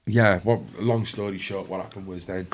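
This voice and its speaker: A man's voice: sits low, fairly even intonation, normal speed, a little hiss or hum. A man from Wales with a Cardiff accent, a podcast guest telling a story in blunt casual talk full of swearing, acting out what other people said. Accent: Welsh, Cardiff.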